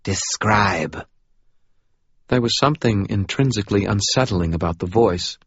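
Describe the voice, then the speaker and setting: A man's voice: lowish voice, a little fast, breathy edge, dry recording, dull audio. A man narrating a first-person audiobook with a wry, hard-boiled delivery.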